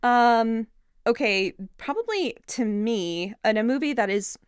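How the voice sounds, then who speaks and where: A woman hosting a podcast in casual chat, quick to agree and fond of mimicking characters. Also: fairly high pitch, animated, smooth, dry recording, clean studio sound. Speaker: podcast host.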